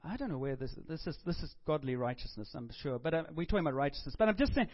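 A man's voice: a little high, expressive, fast talker, muffled recording. A middle-aged man, a pastor, giving a chatty, joking sermon in a conversational way.

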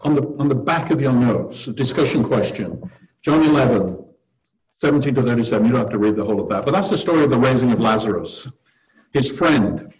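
A man's voice: medium pitch, expressive, fairly quick, darkish tone, poor audio. A man giving a conversational sermon to a seated group, earnest and posing rhetorical questions with wry humor. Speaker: church teacher leading table discussion.

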